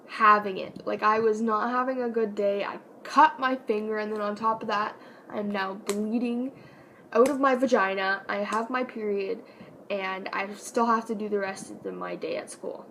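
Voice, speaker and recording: A young woman casually telling a personal story on her vlog, chatty and animated, with lots of fillers. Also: medium pitch, slight background noise, low-quality recording. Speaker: vlogger.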